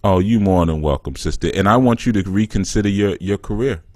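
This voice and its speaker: A man speaks in a low register and trades playful jabs in casual slang as a call-in host. His voice is dry and close, with no room sound around it. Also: brisk, darkish tone, dry recording. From New York. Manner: teasing, joking, laid-back slang. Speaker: spiritual counselor and show host.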